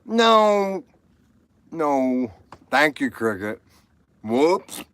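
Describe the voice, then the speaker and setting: Brief: rambling livestream host, animated delivery, dry recording. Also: male voice, mid-range voice, unhurried, no room sound. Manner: rambling, reads viewer comments aloud. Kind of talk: casual chat.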